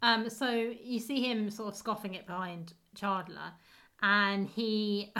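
A woman's voice: mid-range voice, steady tone, takes it slowly, bright, forceful tone. A woman chatting casually as a podcast co-host, laughing often and acting out lines from a sitcom. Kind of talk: casual chat recapping a sitcom episode.

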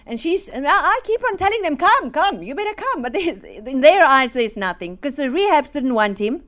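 A woman's voice: high voice, big pitch swings, normal speed, fairly bright tone. A woman, telling a personal faith story as a sermon and acting out the voices in it. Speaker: speaker at a church. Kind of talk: testimony sermon.

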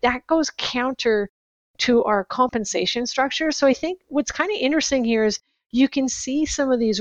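Female moderator, gravelly voice, casual and chatty, dry dull recording. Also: medium pitch, no room sound. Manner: conversational, frequent "like" and "right". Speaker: panel moderator. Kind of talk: podcast panel discussion.

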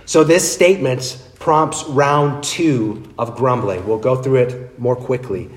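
A man's voice: medium pitch, takes it slowly, reverberant. A male pastor preaching a sermon, speaking earnestly and addressing listeners directly.

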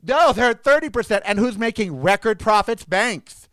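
A man's voice: high voice, expressive, moderate pace, fairly bright tone, no room sound. A man turning sixty, ranting indignantly and sarcastically in a monologue, repeating himself for emphasis. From United States. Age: 50s.

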